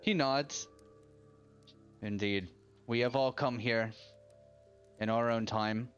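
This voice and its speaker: A man voicing a solemn dwarf temple leader who speaks slowly and gravely. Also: a bit bright, dull audio, faint music behind. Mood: grave, somber. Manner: slow, low, somber and measured.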